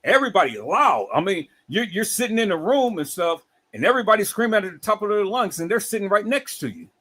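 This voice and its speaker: Animated, husky man preaching on a livestream. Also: sits high, fast talker. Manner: animated, repeats words, preacher-like cadence. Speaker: livestream host.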